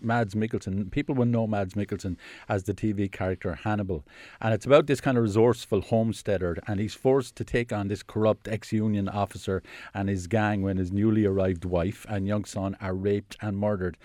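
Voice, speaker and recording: A man's voice: on the low side, brisk, darkish tone, no echo. An Irish man talking about new films on the radio, hesitant, with many fillers and restarts. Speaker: film critic. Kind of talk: casual radio film review. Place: radio studio in Dublin.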